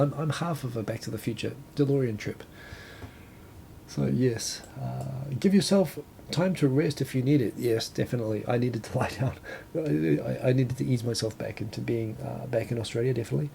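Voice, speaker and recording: Gravelly kiwi guy, accent gone soft, rambling live show chat, dark-ish voice, faint hum behind. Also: medium pitch. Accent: New Zealand, softened by years abroad. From New Zealand. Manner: chatty, rambling, frequent restarts and asides. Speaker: host of a live talk show. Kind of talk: casual live commentary.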